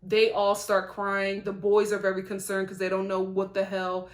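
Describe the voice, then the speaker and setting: A woman giving a casual, animated vlog review of a reality show, sympathetic and chatty. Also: medium pitch, moderate pace, roomy sound.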